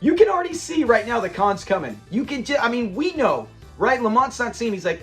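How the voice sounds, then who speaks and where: A man with a notably high voice retells a sitcom episode in a loose, chatty way. He laughs often and slips into quick imitations of the lines, with faint music playing behind him. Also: big pitch swings, fairly bright tone. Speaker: show reviewer. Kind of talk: casual episode recap.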